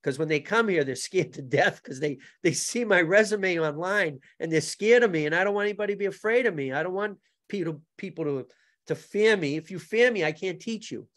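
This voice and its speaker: A man's voice: high-pitched, lively intonation, a little fast, fairly bright tone. Joking man who can't say his R's. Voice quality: trouble pronouncing R sounds. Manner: joking, anecdotal. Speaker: martial arts instructor, podcast guest. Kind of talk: casual storytelling chat.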